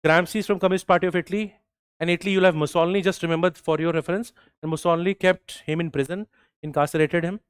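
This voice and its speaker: A man with an Indian accent teaching a class, mixing in Hindi and repeating phrases slowly so students can write them down. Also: fairly high pitch, steady tone, clean tone, dry recording, clean studio sound. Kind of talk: classroom lecture, dictating notes.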